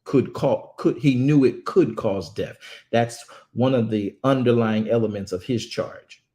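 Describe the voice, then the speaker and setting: A man's voice: mid-range voice, a little slow, warm tone. A man from a ministry giving impassioned commentary, emphatic and repetitive, often stammering as he restarts phrases. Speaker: ministry speaker.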